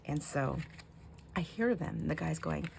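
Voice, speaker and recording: A middle-aged woman with a low, expressive voice hosts a craft channel, chatting casually and telling a story while she works. She speaks at a measured pace with some vocal fry and a slightly mellow tone, laughing often and breaking off mid-sentence. There's a little hiss or hum in the recording.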